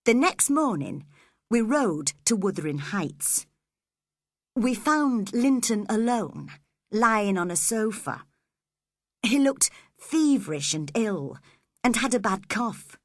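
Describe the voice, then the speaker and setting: A woman reading an audiobook as a measured storyteller. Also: fairly high pitch, sing-song, dry recording, clean studio sound. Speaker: audiobook narrator. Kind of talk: scripted audiobook narration.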